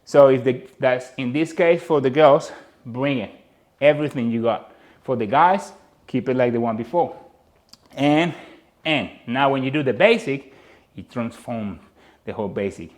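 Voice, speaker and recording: A man's voice: mid-range voice, moderate pace. A man teaching a dance lesson with a Latin American Spanish accent, counting steps aloud and repeating cues. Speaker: dance instructor.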